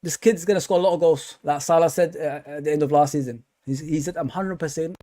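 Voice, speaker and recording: Male fan host, live match review, casual and rambling, slightly high voice. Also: steady tone, quick pace, dark tone. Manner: casual and chatty, with many fillers and repeats. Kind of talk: live football review stream.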